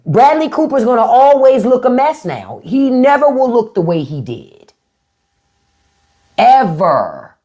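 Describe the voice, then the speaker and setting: A woman's voice: sits high, big pitch swings, moderate pace, warm tone. A woman hosting a live stream, talking bluntly and with plenty of profanity straight to her viewers. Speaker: podcast host doing a live stream. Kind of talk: unfiltered live-stream commentary. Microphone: phone or webcam on a live stream.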